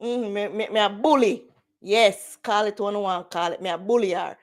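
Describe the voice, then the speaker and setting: A woman's voice: medium pitch, steady tone, moderate pace. A Jamaican woman in her forties hosting a casual livestream chat, slipping into patois and laughing often. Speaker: livestream host.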